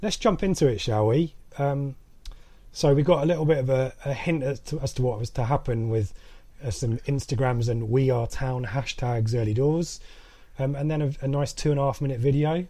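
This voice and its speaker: A man's voice: mid-range voice, normal speed, mellow, dry recording. A man hosting a casual football podcast, chatty with many fillers and restarts. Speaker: podcast host.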